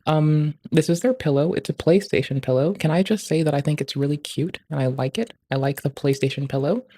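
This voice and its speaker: A livestreamer talks through the stream in casual commentary, swearing nonstop. The voice sits at a middling pitch and keeps a crude, ranting edge. It spikes loud and high whenever a rant builds. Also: brisk. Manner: profane, ranting, crude jokes; rising loud and high in outbursts.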